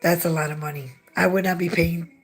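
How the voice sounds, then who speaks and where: A woman hosting a casual livestream and reading viewer comments, hoarse and out of breath from losing her voice. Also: fairly low pitch, steady tone, brisk. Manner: gravelly and tired. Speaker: livestream host reading chat.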